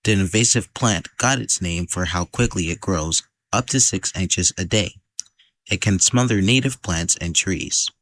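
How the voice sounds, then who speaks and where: A man reporter narrates a news feature in a very deep voice. His delivery stays calm and steady throughout. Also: measured pace, no room sound.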